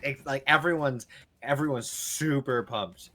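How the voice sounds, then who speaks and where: A man running a tabletop game as dungeon master, narrating in a rambling, animated way full of fillers. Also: medium pitch, a little slow, over a noisy crowd.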